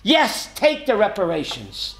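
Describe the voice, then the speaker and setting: A man, a rabbi teaching a lively Torah class, asking rhetorical questions and calling on students by name, often chuckling. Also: high voice, measured pace, vocal fry.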